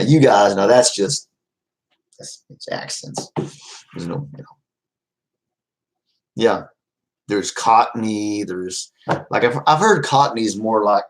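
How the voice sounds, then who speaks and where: A man's voice: lowish voice, poor audio. Laid-back man rambling to live viewers. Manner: easygoing, rambling, laughs often. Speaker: YouTuber chatting with live viewers. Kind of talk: casual livestream chat.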